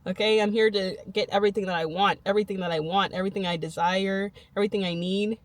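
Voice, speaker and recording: Young woman hyping up her viewers, repeats herself a lot, laughs, mid pitch. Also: steady tone, quick pace, dry recording. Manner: emphatic, repetitive, laughs often. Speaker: vlogger. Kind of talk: motivational self-talk to camera.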